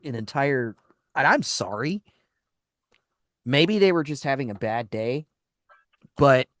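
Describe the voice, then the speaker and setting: A man's voice: medium pitch, a bit bright, no echo, studio quality. A man co-hosting a radio talk show, telling a long exasperated story in casual chat, acting out the dialogue and often restarting his sentences. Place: radio studio.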